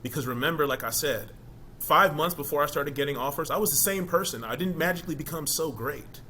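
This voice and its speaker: Bright, emphatic man, easygoing interview guest. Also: fairly high pitch, a little fast, slight background noise. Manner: conversational, emphatic, asks "you know what I mean?". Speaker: interview guest, former college football player. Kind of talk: casual interview talk.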